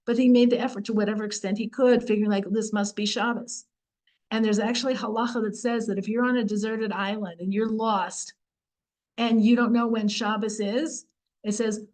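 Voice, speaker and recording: In a poorly recorded clip, a woman whose voice is fairly high and somewhat dark hosts a casual weekly Torah class. Her storytelling is sincere and chatty, full of fillers and restarts.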